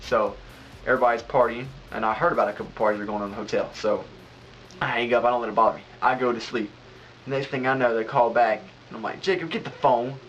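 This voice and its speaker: A man's voice: medium pitch, steady tone, fast talker, a bit bright, lo-fi sound, soft background music. A young man hosting a casual podcast from a home studio, telling stories in a rambling, laughing way. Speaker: podcast host.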